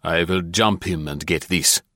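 A man reading aloud, voicing a hard, commanding German police officer with clipped, forceful orders. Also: low voice, measured pace, no room sound, clean studio sound. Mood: calm, planning.

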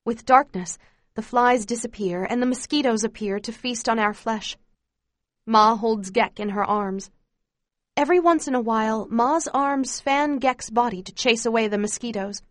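Grave, quiet woman reading a memoir. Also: on the high side, normal speed, no echo. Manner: quiet, steady, grave storytelling. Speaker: narrator. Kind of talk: first-person memoir reading.

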